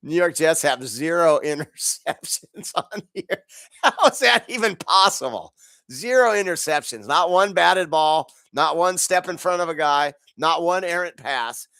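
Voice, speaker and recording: In clean studio sound with no room noise, a male podcast host swears his way through an exasperated football rant, angry and breaking into bursts of laughter. Allergies leave him congested. His voice sits high, bright and forceful.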